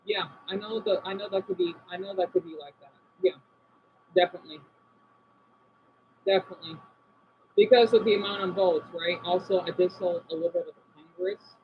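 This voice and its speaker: A man's voice: high-pitched, brisk, pauses often. An American man on a casual live stream, rambling in a scattered way as he reacts to his chat aloud. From United States. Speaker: livestreamer. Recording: dull lo-fi with faint hum.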